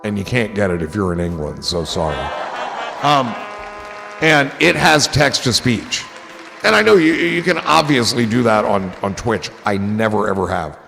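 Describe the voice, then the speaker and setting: A man's voice: on the low side, animated, normal speed, vocal fry, long reverb tail, music in the background. A man hosting a casual livestream, rambling in a goofy, profane way to his chat. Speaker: livestream host.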